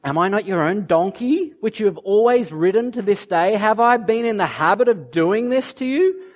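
A man voicing a meek, aggrieved talking donkey in a high, plaintive voice. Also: lively intonation, moderate pace. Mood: pleading.

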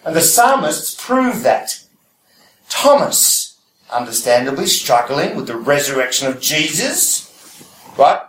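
A man's voice: a little high, big pitch swings, slow, fairly bright tone, echoey room, far from the mic, a little hiss or hum, low-quality recording. A man preaching a conversational sermon, often checking in with his listeners through rhetorical questions.

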